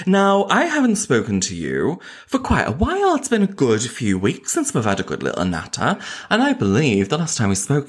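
A man's voice: medium pitch, wildly swooping pitch, normal speed. A man hosting a podcast, chatting casually in a camp, teasing way. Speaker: podcast host. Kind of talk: casual chat.

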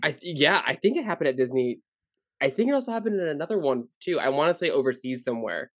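A man's voice: fairly high pitch, expressive, quick pace, fairly bright tone, dry recording, studio quality. A man co-hosting a casual podcast, rambling through stories with lots of fillers. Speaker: podcast co-host.

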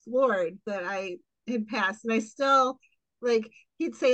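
A middle-aged woman, an occupational therapist, telling her story in a casual podcast interview, animated and full of fillers and quoted voices. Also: a little high, unhurried, no room sound, low-quality recording.

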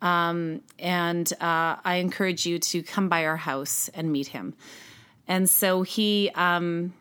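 A mother recounting her own story as an interview guest, earnest and halting with frequent restarts. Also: on the low side, steady tone, fairly bright tone, clean tone. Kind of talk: personal storytelling in conversation.

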